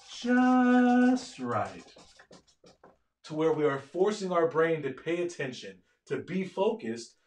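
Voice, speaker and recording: A man giving a live online lecture from his office at home, energetic and often asking his listeners questions. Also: fairly high pitch, reverberant. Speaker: medical education lecturer.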